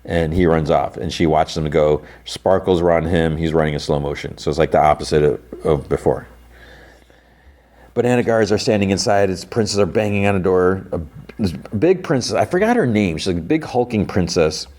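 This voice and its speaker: A deep-voiced man hosts a podcast, recapping an episode at normal speed. He's relaxed and casual, rambling through the retelling with plenty of fillers.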